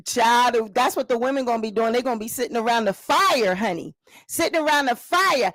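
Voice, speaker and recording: A woman's voice: on the high side, a little fast, fairly bright tone, no room sound, studio quality. A woman hosting comedic commentary, sassy and drawling, humming tunes between jokes. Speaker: commentary host.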